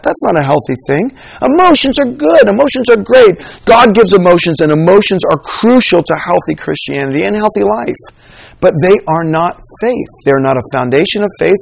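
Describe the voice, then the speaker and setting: A man preaching a humorous sermon, animated and joking as he acts out examples for his church audience. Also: high-pitched, creaky, dry recording. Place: church with slides.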